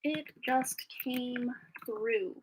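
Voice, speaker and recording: A woman's voice: fairly high pitch, very slow, a little hiss or hum. A woman reading tarot on a live stream, chatting casually in a rambling way with frequent laughs, a little phlegmy after being sick.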